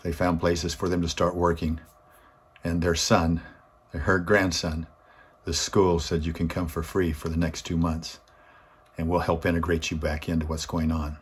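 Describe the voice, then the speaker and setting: This man's slightly rough voice shows little pitch movement and moves at a normal speed. Giving a weekly inspirational talk as a motivational speaker, he tells an earnest story, building force and pitch on the points that matter.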